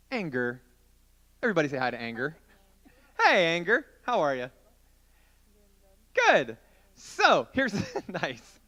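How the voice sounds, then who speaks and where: Man, youth pastor, playful sermon delivery, bright voice with a high, bouncy pitch. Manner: playful, joking, animated with volunteers. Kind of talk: interactive youth group sermon.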